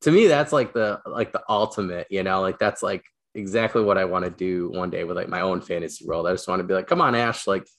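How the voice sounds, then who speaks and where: A man hosting an interview, rambling excitedly with lots of fillers as he tells stories. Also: low voice, fast, few pauses. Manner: rambling, animated storytelling with many fillers. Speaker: podcast host, teacher and coach. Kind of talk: casual interview chat.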